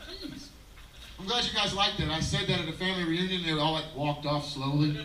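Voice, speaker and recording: A man's voice: on the high side, steady tone, very noisy. Rambling man doing stand-up. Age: 30s. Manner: rambling, self-mocking, halting with fillers. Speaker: stand-up comedian. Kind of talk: stand-up comedy set. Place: outdoor daytime comedy show. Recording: roomy live sound from a distance.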